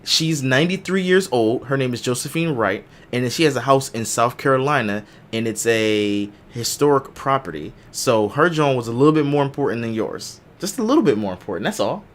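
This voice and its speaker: A man's voice: mid-range voice, fairly quick, few pauses. A man hosting a casual live chat show, joking and telling stories in a loose, slangy way. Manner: animated storyteller, slangy and joking. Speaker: podcast host.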